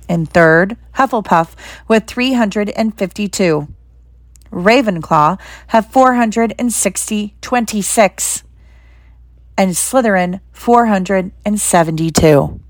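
Dumbledore: a woman reading a cheerful old headmaster, whimsical, measured, dry close sound. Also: medium pitch, no echo, lightly acted. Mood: announcing. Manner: cheerful, measured, grand announcing.

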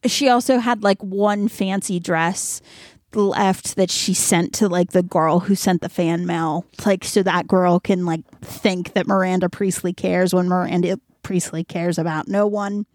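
This young adult podcast co-host has a low-leaning, darkish voice with fairly even intonation and a slightly slow pace, recorded in studio quality without echo. During a casual book chat, she retells the plot chattily, peppering it with "like."

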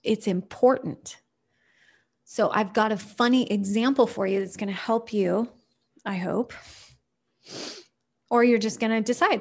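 Chatty, animated woman podcast host. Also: on the high side, measured pace, creaky, long pauses. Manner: chatty and animated, with playful asides. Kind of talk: casual motivational talk.

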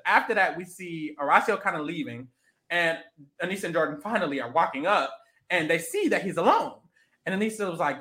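Podcast co-host, casual recap chat, gossipy, swears freely, very lively pitch, bright sharp tone. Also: fast. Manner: animated, gossipy, swears freely, quotes people in voices.

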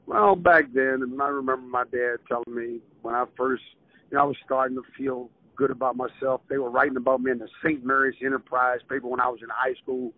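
A man in his seventies from southern Maryland, a retired basketball coach telling stories in a casual, animated way as an interview guest. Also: mid-range voice, brisk, no echo. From southern Maryland, USA. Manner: animated storyteller, acts out quoted voices. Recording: tinny phone-line audio.

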